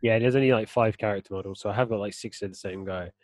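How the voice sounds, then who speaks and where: A man's voice: lowish voice, fairly even intonation, fast, darkish tone. A young man in casual gaming chat, explaining at length and laughing often as a podcast co-host.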